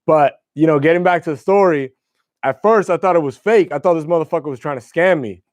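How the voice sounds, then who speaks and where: With a fairly high voice and a slightly fast pace, a young livestream host rattles off loose, profane guitar stories in casual chat. No room sound is audible.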